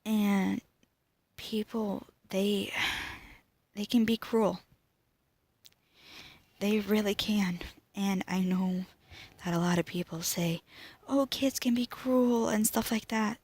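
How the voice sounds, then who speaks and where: A teenage girl speaking to camera about her own life, emotional and halting, often dropping to a whisper. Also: medium pitch, level tone, darkish tone, no room sound. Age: teens. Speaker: student vlogger. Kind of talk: personal talk to camera.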